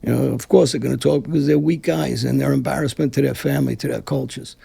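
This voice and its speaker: Speaking fast in a mid-range, steady voice that is creaky, mellow and slightly rough, this Brooklyn man sits as an interview guest. The former mafia figure is blunt, combative and frequently profane in the casual conversation.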